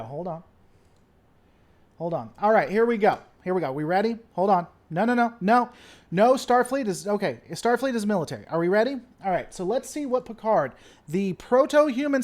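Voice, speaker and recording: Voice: mid-range voice, a little mellow. This is a livestream host in casual chat, answering viewers from the comments. The delivery is playful and theatrical, full of repeated stalling phrases.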